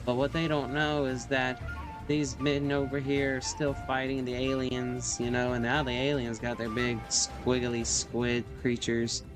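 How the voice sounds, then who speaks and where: A man's voice: mid-range voice, flat delivery, unhurried, over music. Rambling male streamer telling doodle stories. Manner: rambling, filler-heavy, with sound effects and silly voices. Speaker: livestream host drawing on stream. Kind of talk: casual storytelling while drawing.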